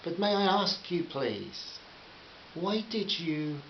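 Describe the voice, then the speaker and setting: A man voicing a grateful foreign heart doctor who speaks earnestly and courteously, with halting pauses. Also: on the high side, big pitch swings, pitched above the performer's own voice, heavily acted. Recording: muffled roomy recording with faint hiss.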